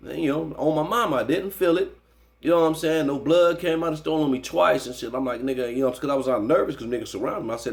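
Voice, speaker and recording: Man, interview guest; gravelly, fast, profane street storyteller who turns animated at the tense parts. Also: fairly high pitch. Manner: slangy, profane, constantly says "you know what I'm saying"; animated when recounting the fight. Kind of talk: casual storytelling.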